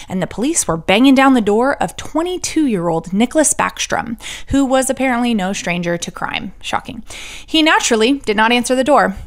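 A woman hosting a true crime podcast, telling the story with sarcastic asides and the odd whispered joke. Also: a little high. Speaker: podcast host.

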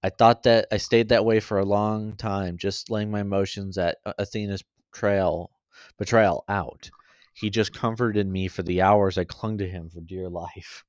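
A man reading a fan story aloud, halting and often stumbling and correcting himself. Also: fairly low pitch, fairly even intonation, dry recording, lo-fi sound. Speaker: story reader.

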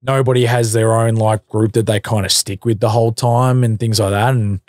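Laid-back Australian man, low and dry. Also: moderate pace, no echo. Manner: relaxed, laid-back, loose swearing, many fillers. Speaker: interview guest, football punter. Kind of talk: casual podcast chat.

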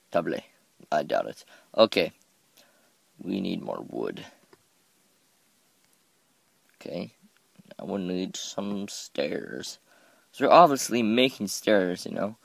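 A gameplay commentator rambles loosely through a game, mocking himself and stumbling over his words. He has a deep voice with gravelly fry, recorded dry and close with no room sound.

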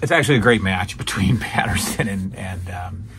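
A man's voice: low-pitched, expressive, moderate pace, fairly bright tone, slight background noise. A man hosting a show that reviews old wrestling broadcasts, chatting casually and rambling with many restarts and fillers. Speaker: podcast host reviewing old wrestling shows. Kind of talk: casual chat.

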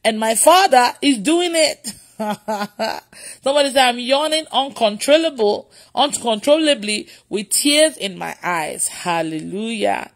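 Woman preacher, livestream prayer, frequent laughter, repetitive phrasing, somewhat high pitch. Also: animated, measured pace. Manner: laughs often, repeats phrases.

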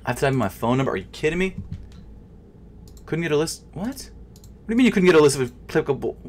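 Slightly high-pitched, very animated and fast, this young sneaker vlogger grumbles to himself at a checkout, narrating casually and live as he shops online. He's frustrated and nervous, stuttering, with loud bursts giving way to quiet mumbles. Faint background noise is audible.

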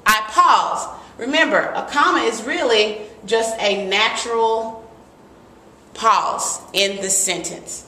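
Woman teacher, lively grammar lesson, crisp bright tone, roomy echo. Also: fairly high pitch, slow. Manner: lively, emphatic, reads examples aloud. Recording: echoey room.

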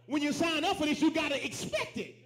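A man with a very high voice preaches, calling out lines for the congregation to repeat and climbing into shouts. His rings through a roomy church sanctuary with plenty of echo. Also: brisk. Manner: preaching with call and response, shouting at peaks. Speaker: pastor. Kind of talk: sermon. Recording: echoey church room.

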